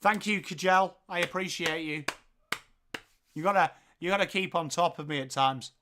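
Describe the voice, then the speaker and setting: An English man hosting a live football watchalong, calling the play and joking with chat viewers in an excitable, playful way. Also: on the high side, moderate pace, noisy background. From England. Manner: excitable, jokey, bursts into loud calls of the play. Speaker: watchalong host.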